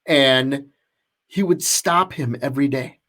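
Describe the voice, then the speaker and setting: Speaking slowly in a mid-range voice with a sharp edge, a male podcast co-host spins out a lengthy, meandering tale. The chat is casual and full of false starts and fillers.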